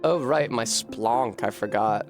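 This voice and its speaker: A man streaming a game, thinking out loud in a rambling way, swearing freely and running himself down. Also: medium pitch, takes it slowly, over music. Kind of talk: casual live-stream commentary.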